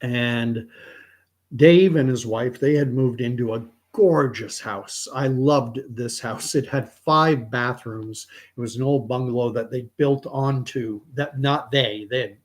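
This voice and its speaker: A man's voice: medium pitch, unhurried. Middle-aged canadian guy rambling thru a story, lots of restarts, casual commentary.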